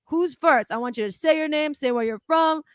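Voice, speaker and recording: A woman voicing a loud, hyped-up male resort pool emcee who rouses the crowd with pushy shouts. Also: sits high, fairly quick, no room sound, studio quality, pitched above the performer's own voice, natural voice.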